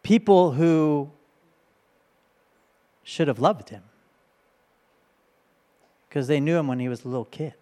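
A male pastor preaches in a relaxed, conversational way, working through a passage and checking in with his listeners. His voice sits a little higher than most men's, and he often tags his points with a quick "right?". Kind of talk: sermon.

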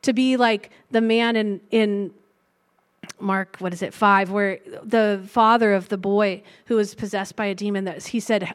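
A middle-aged woman preaching a sermon and sharing a personal testimony, earnest and reflective, slowing down to stress key lines. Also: medium pitch, fairly even intonation.

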